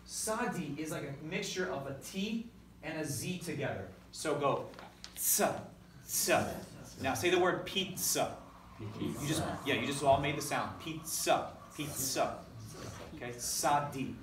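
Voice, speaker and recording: This man's voice is fairly high and expressive, with a fairly bright tone and a moderate pace. He leads energetic call-and-response drills in a classroom lesson, correcting himself as he goes, heard from far off in an echoey room with a little hiss or hum.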